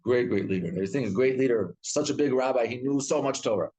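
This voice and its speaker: A man, a rabbi, teaching a live Torah class with animated storytelling, often repeating and restarting words. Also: mid-range voice, fairly quick, poor audio. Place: synagogue study hall.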